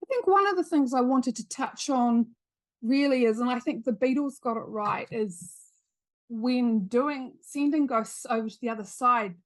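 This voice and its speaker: A middle-aged woman with a New Zealand accent, a podcast guest telling a story in earnest, repeating phrases for emphasis. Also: fairly high pitch. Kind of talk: storytelling in an interview.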